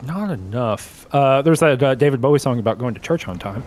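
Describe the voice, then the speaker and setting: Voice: mid-range voice, lively intonation, fast, darkish tone, a little hiss or hum. A co-host of a game stream, joking around playfully with lots of filler words. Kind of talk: casual banter.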